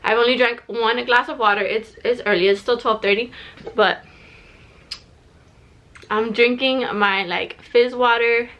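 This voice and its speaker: A woman's voice: on the high side, fairly even intonation, a little slow, long pauses, sharp tone. A young woman chatting casually to camera about her pregnancy, a bit out of breath and full of "like" and restarts. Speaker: vlogger sharing a pregnancy update.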